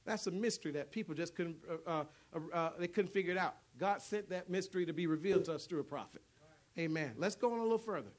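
A man pastor preaching a sermon, reading scripture aloud with loud, emphatic bursts between quieter asides. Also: high-pitched, quick pace.

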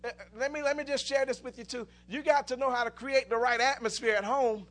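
A man's voice: very high voice, steady tone, fairly quick, a bit bright. A man preaching a sermon, telling stories with many restarts and rising into fervent exclamations.

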